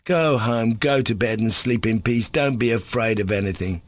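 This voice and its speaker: A man's voice: medium pitch, normal speed, close to an everyday voice. A man reading an audiobook, voicing a sick former valet who drawls with contempt. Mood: scornful.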